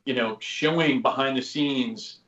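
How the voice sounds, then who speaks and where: A former special operations soldier, now in his fifties, is a guest in a casual interview, telling rambling stories laced with "you know," "like," and swearing. He speaks unhurriedly in a medium-pitched, slightly bright voice, recorded in roomy, mildly dull podcast audio.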